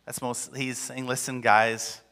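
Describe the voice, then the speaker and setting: Bright-voiced preacher in an echoing hall. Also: male voice, mid-range voice, a little slow, clear, resonant tone. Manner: casual, energetic, rhetorical questions. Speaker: pastor. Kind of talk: conversational sermon.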